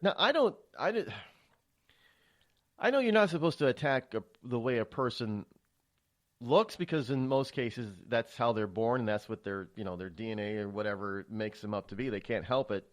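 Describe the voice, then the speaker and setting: Animated, stammering male talk-radio host. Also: medium pitch. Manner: rambling, with frequent restarts and stammers; animated, emphatic delivery.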